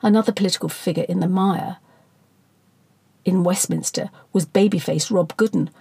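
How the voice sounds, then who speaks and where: Gravelly, husky woman narrating wryly. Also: on the low side, moderate pace, mellow, dry recording. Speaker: audiobook narrator. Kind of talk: scripted narration of satirical fiction.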